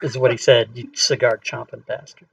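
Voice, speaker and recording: A man's voice: medium pitch, level tone, normal speed, creaky, fairly bright tone, no room sound, dull audio. A man playing a tabletop game who trades joking, crude banter. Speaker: player. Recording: distant, dry mic.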